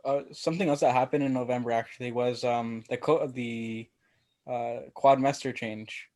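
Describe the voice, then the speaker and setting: A man's voice: medium pitch, steady tone, moderate pace, darkish tone. A teenage boy co-hosting a casual podcast, easygoing with dry jokes. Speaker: podcast co-host. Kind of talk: casual chat.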